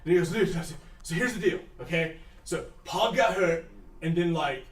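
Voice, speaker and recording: A man playing a breathless surfer-dude adventurer, frantic, high-pitched, echoey distant mic. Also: moderate pace, close to an everyday voice. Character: panicked young male adventurer, surfer-dude slang.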